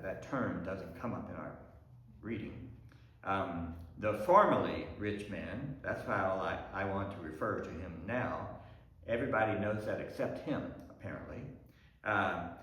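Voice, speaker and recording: Lowish-voiced guy pastor explaining a bible passage, lots of ums, big echo all around. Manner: explanatory, thinking aloud with frequent ums and restarts. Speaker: pastor teaching a Bible study. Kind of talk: Bible study lecture. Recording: very echoey room.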